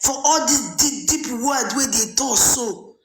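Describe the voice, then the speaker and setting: A woman's voice: high-pitched, expressive, measured pace, soft background music. A woman with a Nigerian Pidgin accent hosting a casual call-in chat, teasing and mocking her caller with laughs and sing-song remarks. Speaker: host. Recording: echoey room with faint noise.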